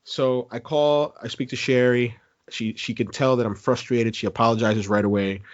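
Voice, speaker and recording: A man co-hosting a podcast and telling a long gripe in casual chat, animated and profane, acting out what he said. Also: medium pitch, normal speed, no echo. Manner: animated, profane, acts out his own quotes. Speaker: podcast co-host. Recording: dull lo-fi podcast recording.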